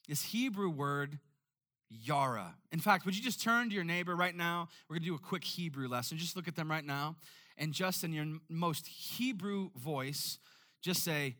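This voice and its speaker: A male pastor delivers a sermon with animated energy, often repeating words to drive a point home. His voice sits a touch high and has a bright, forward ring.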